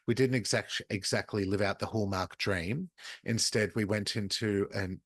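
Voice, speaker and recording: An Australian man with a slightly low voice chats playfully as a podcast co-host, dropping casual swear words. The sound is dry and close, with no room around it. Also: fairly even intonation, moderate pace, no room sound. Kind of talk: casual chat.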